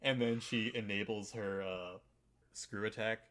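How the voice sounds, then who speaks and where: A man's voice: fairly low pitch, fairly even intonation, unhurried, fairly bright tone. A man hosting a podcast, casually recapping a game's story in a rambling, irreverent way, with lots of swearing and filler words. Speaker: podcast host. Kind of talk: casual chat recapping a video game.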